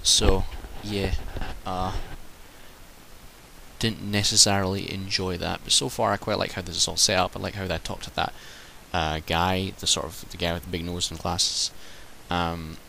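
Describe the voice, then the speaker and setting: A man's voice: low-pitched, flat delivery, normal speed, vocal fry, bright, forceful tone, slight background noise, rough recording. A man giving rambling, chatty commentary while playing a game, swearing and joking as he goes. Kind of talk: let's play commentary.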